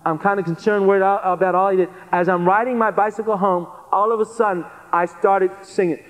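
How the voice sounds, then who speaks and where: A man telling his conversion testimony to a live audience, earnest and animated, repeating phrases for emphasis. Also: high-pitched, brisk. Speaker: guest speaker giving a testimony. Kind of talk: testimony sermon storytelling. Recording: long hall reverb.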